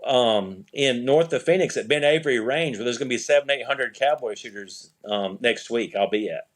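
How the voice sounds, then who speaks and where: A middle-aged eyewear company owner, appearing as a podcast guest, tells a rambling story in a casual interview. He restarts sentences and acts out quoted dialogue, speaking at a normal speed in a mid-range voice.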